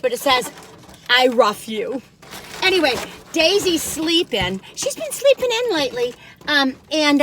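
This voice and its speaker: Bubbly high-voiced woman vlogging. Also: a bit bright, slight background noise. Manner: bubbly, rambling, breaks into singing. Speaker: food review vlogger. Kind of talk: chatty cookie taste-test vlog. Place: inside a parked car.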